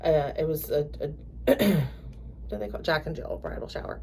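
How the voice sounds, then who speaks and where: A woman co-hosting a podcast, telling stories in a halting way with many restarts and acting out quoted voices. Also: sits low, slight background noise. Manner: animated storyteller, acts out quoted voices. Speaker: podcast co-host. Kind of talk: casual chat.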